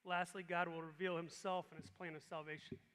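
A male pastor preaching a sermon with animated emphasis. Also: fairly high pitch, brisk. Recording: long reverb in a large hall.

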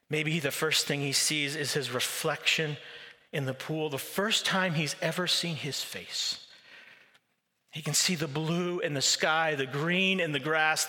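A man's voice: on the high side, pushed and bright. A male pastor preaching a sermon with vivid storytelling. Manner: vivid storytelling, acting out quoted voices. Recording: long reverb of a large hall.

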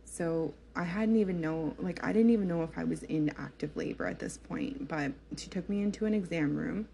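A woman's voice: lowish voice, moderate pace, vocal fry, warm tone, slight background noise. A young woman telling a personal story to her viewers in a chatty, candid way, with lots of fillers and laughter. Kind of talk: casual storytelling to camera.

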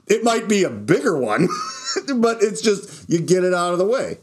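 A man in a loose, rambling monologue, his pitch swinging up and down as he talks. He is a stand-up comic hosting his own show, who keeps restarting sentences and laughing at his own jokes. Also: big pitch swings, normal speed, slightly rough. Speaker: podcast host and stand-up comic.

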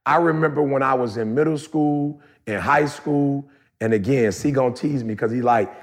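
A man co-hosting a podcast, telling a story in a casual, animated way, talking straight to his listeners in colloquial speech. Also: medium pitch, moderate pace, gravelly. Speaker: podcast co-host.

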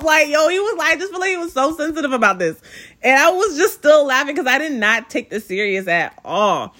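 A woman's voice: sits high, big pitch swings, normal speed, a bit bright. A young adult woman hosting a podcast, telling a dating story in a casual, slangy way and laughing often. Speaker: podcast host.

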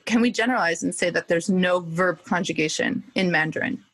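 A woman's voice: on the low side, fairly quick, a bit bright, low-quality recording. A woman hosting a podcast interview, curious, rephrasing her questions and laughing often. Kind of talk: casual interview.

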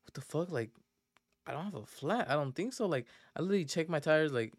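A man's voice: a little high, lively intonation, a little fast, no room sound, studio quality. A young adult man hosting a podcast, telling a story casually in profane slang that rambles and restarts often. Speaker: podcast host.

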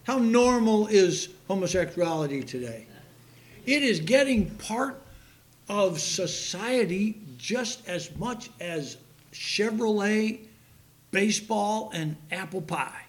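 An older man with a high, expressive voice preaches slowly, impassioned and emphatic, breaking into sudden loud outbursts. Reading scripture aloud, he stumbles over the hard names.

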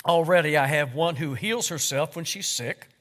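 A man's voice: fairly high pitch, moderate pace, a bit bright, close to an everyday voice. A man voicing the Lord, a patient male creator proud of his work, as part of a read-aloud story in a sermon. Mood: proud, fond.

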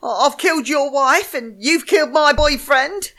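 A woman's voice: sits high, lively intonation, moderate pace, a bit bright. A woman voicing a scheming young mistress who is flustered, rambling and self-pitying, in an amateur audio drama. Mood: panicked.

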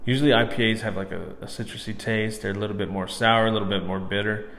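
A man as guest in a casual chat, easygoing and halting, saying bro and man. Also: fairly low pitch, fairly even intonation, a bit bright, long reverb tail. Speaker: podcast guest.

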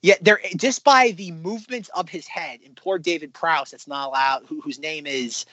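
A man co-hosting a casual podcast, talking in long excited run-on predictions with many restarts. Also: fairly high pitch, normal speed, no room sound. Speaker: podcast co-host.

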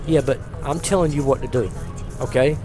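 A man voicing a stern, controlling male handler who scolds in low, hushed asides. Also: brisk, music in the background, lightly acted. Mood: stern, scolding.

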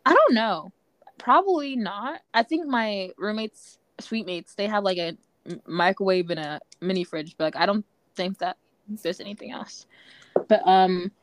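A woman's voice: mid-range voice, lively intonation, normal speed, no room sound. Young woman, podcast co-host, casual chat, filler-heavy, dry close mic. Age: young adult. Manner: chatty, many "like" fillers.

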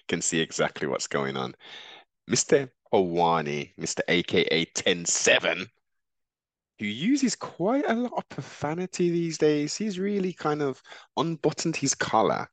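A man's voice: fairly low pitch, very animated, unhurried, no room sound. A man hosting a podcast, giving rambling reaction commentary with frequent restarts. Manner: musing, digressive, frequent restarts. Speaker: podcast host.

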